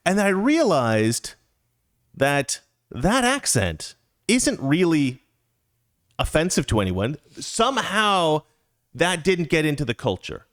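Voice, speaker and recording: A middle-aged man spins a casual, rambling story and keeps restarting his sentences. His pitch rises and falls a lot as he talks, and his delivery is chatty and playful. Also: very animated, a little slow, a bit bright.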